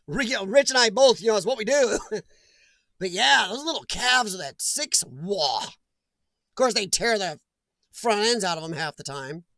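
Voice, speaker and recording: Chatty high-voiced man streaming. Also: lively intonation, unhurried, bright, forceful tone, no room sound. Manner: chatty, laughs often, talks back to chat. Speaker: live stream host. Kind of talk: casual live-stream chat reading comments.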